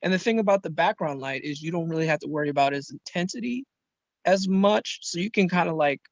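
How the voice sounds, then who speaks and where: A man's voice: on the high side, expressive, fast, creaky, no room sound. A young man explaining things in a loose, rambling way with many fillers, as a student on a group video call. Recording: muffled dry video call audio.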